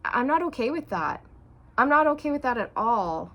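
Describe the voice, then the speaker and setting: A woman delivers a channeled tarot reading to viewers at normal speed, on audio with the highs cut off. She's chatty and expressive, voicing quoted feelings with big swings and going soft and low for emotional sections.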